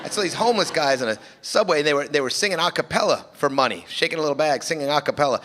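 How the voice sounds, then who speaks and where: A stand-up comedian in his thirties with a New York accent fires off sarcastic, biting jokes to a laughing comedy club crowd. His voice is a little high and lively, very fast with hardly any pauses, and the club sounds echoey with crowd noise.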